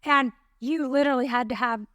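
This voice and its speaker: A woman's voice: high-pitched, a little fast, pushed and bright, no echo. A middle-aged woman co-hosting a podcast in casual, playful, self-mocking chat. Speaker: podcast co-host.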